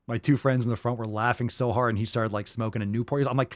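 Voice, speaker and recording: A man's voice: mid-range voice, steady tone, quick pace, few pauses, dry recording, studio quality. A man hosting a casual livestream, answering viewer questions and telling rambling, profane stories.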